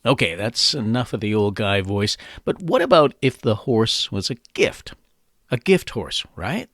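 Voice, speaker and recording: A man's voice: on the low side, animated, a little slow, a bit bright, no echo, studio quality. A man hosting a scripted educational podcast, explaining phrases in a playful, jokey way. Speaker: podcast host.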